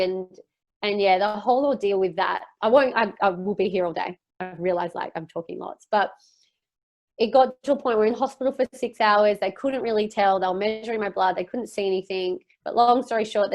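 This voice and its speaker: A woman's voice: medium pitch, brisk. A young woman speaking as a guest on a podcast. She tells a very personal story in a candid, emotional way. She rambles and uses many fillers as she talks.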